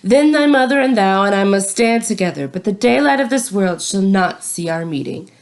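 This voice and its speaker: A woman's voice: mid-range voice, expressive, moderate pace, creaky. Brief: woman reading a guilty, evasive minister with formal archaic phrasing. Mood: solemn. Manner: old-fashioned formal speech. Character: guilt-ridden male minister, evasive and solemn.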